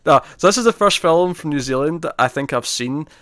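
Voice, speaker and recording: A man co-hosting a casual movie discussion, chatty and quick to laugh, often correcting himself. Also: fairly high pitch, lively intonation, fairly bright tone, no room sound, clean studio sound. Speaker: podcast co-host.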